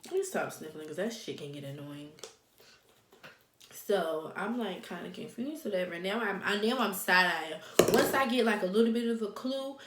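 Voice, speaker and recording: A woman's voice: mid-range voice, normal speed. A young woman vlogger telling a personal story in casual, slangy speech, swearing freely and quoting the people in it. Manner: animated, swearing, loose slangy talk. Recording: echoey room, faint noise.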